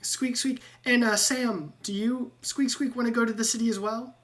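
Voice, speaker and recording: A woman voicing a timid rat-person guide who keeps squeaking between words in a tabletop game. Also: steady tone, normal speed, natural voice, low-quality recording. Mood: chirpy. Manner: peppers speech with squeaks.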